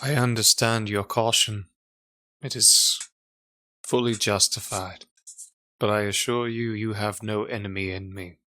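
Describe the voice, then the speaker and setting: A player voicing a solemn, cryptic male stranger in a tabletop game, speaking in slow, formal, measured phrases. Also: medium pitch, fairly even intonation, pushed and bright, no room sound. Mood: reassuring. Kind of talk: tabletop role-play voice acting.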